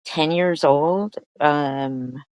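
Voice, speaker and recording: A woman reacting on a commentary stream, tripping over her words and repeating herself as she swears in outrage. She speaks slowly and deliberately. Her voice is close and dry, with no room sound. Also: deep voice, darkish tone, clear, resonant tone, dry recording, rough recording.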